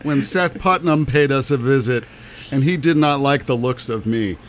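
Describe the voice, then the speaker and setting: A man's voice: mid-range voice, moderate pace, slight background noise. A man who has long played in a band, chatting casually and telling playful stories. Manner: playful storyteller, jokes around. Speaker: longtime band member. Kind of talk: casual chat.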